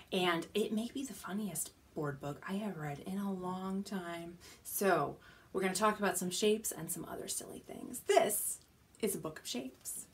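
A woman children's librarian leading a baby storytime from a small home studio, gentle and animated, often dropping to soft whispers. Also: mid-range voice. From United States. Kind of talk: baby storytime with rhymes and songs.

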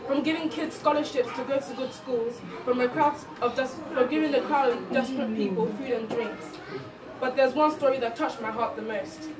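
A woman's voice: high-pitched, fairly even intonation, normal speed. A fourteen-year-old girl earnestly reading a prepared speech at an event, stumbling over a few words. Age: teens. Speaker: speech giver. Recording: echoey event hall, far from mic, loud crowd.

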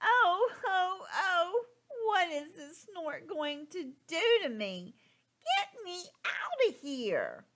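A woman voicing a tiny lost baby bird in a storybook read-aloud, with a high, squeaky, pleading childlike voice. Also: huge pitch swings, slow pace, heavily acted. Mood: frightened.

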